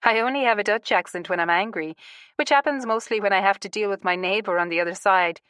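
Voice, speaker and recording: A woman voicing a lively, gossipy woman in her sixties in an audiobook, bold and quick to confide. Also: medium pitch, clean tone, dry recording, natural voice.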